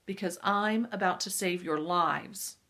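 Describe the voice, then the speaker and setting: A woman voicing a calm, mysterious woman rescuer who speaks low and quietly in a storybook reading. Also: measured pace.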